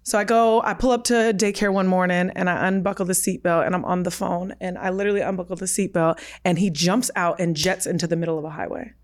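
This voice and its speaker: A woman's voice: lowish voice, steady tone, quick pace, few pauses. Emphatic woman telling a personal story. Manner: emphatic, repeats "listen", vivid retelling. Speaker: guest.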